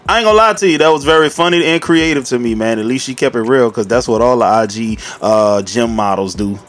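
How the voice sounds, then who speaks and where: A man's voice: mid-range voice, fast, soft background music. A man hosting a reaction video, giving blunt, hyped-up opinions on clips. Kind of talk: reaction commentary.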